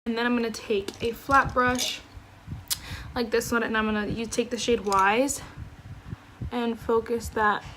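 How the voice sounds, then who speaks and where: A woman's voice: fairly high pitch, level tone, unhurried, pauses often, a bit bright, slight background noise. A woman beauty vlogger chatting through a makeup tutorial at home, gushing and effusive, with lots of fillers. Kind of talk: casual makeup tutorial chat.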